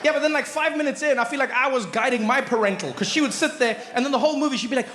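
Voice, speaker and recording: A man performing stand-up comedy, telling animated stories full of voice impressions. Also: very high voice, very fast, few pauses, background noise. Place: comedy stage before an audience. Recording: live in a reverberant venue.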